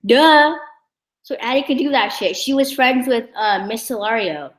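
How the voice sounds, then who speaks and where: A woman's voice: a little high, moderate pace, roomy sound, low-quality recording. A young woman vlogging a casual story in a blunt, heated, profane way. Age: young adult.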